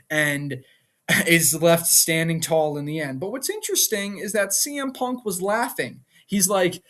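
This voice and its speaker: A young man casually recapping a wrestling show, rambling and repeating words, jumping up in pitch when he acts out quotes. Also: fairly bright tone. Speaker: wrestling reaction vlogger.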